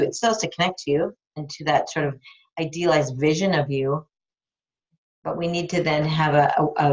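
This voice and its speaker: A woman life coach on a live call, talking frankly and enthusiastically with casual swearing. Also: sits low. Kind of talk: live coaching call, answering a listener's question. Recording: dull lo-fi recording.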